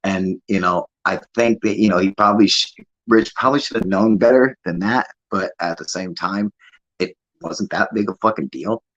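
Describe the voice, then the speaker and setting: A man's voice: sits low, normal speed, a bit bright, dull audio. A man hosting a livestream, chatting casually in a rambling, profane way and laughing often. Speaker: livestream host.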